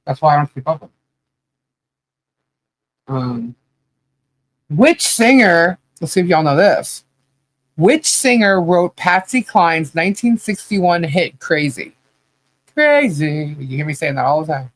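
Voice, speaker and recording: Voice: medium pitch, lively intonation, slow pace, pauses often, dry recording. A podcast host in a casual, rambling trivia chat, laughing often as they talk.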